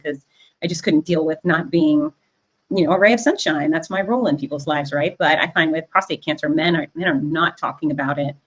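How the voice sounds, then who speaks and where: Low-voiced woman hosting an interview. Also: fairly bright tone. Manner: candid and emphatic. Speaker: host.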